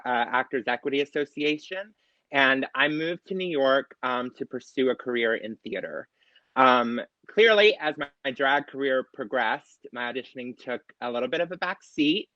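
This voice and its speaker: A man, a drag performer, asking a candidate an earnest question, halting with many fillers and close to tears. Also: medium pitch, bright, forceful tone, dry recording, muffled recording.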